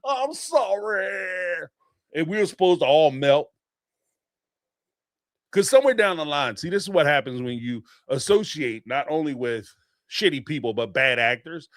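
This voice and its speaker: A man's voice: on the high side, lively intonation, normal speed, dry recording, studio quality. A man giving casual live reaction commentary on a reality show, blunt and profane, often mimicking people in mocking voices.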